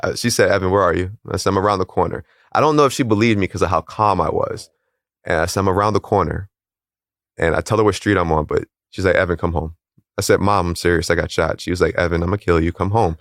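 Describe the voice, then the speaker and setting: Deep-voiced man telling his story. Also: no echo, clean studio sound. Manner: calm, measured retelling, acting out quoted voices. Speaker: interview guest, calisthenics league founder. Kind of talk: personal storytelling in an interview.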